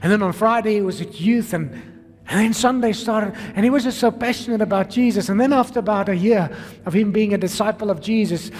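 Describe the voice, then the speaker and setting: A South African man, a pastor, preaching an energetic sermon full of rhetorical questions and calls to the congregation. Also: high-pitched, a little fast, faint music behind. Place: church. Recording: long reverb of a church hall.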